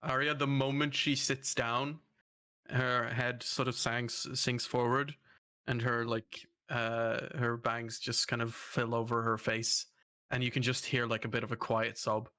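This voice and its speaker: A man's voice: mid-range voice, level tone, a little slow, sharp tone. A man playing a tabletop game, hesitantly describing his character's actions in detail. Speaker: player.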